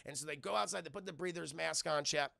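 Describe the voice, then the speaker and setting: A male streamer gives a casual, profane film breakdown, talking straight to his chat. His voice sits high and is heavily gravelly, with a bright, forward tone. The sound is dry and close. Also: fast, no echo. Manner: animated, profane, addresses chat.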